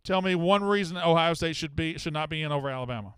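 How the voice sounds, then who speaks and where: Blunt, profane call-in host, clear voice. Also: male voice, a little high, quick pace, fairly bright tone, no echo, studio quality. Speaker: sports betting show host. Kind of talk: live call-in show.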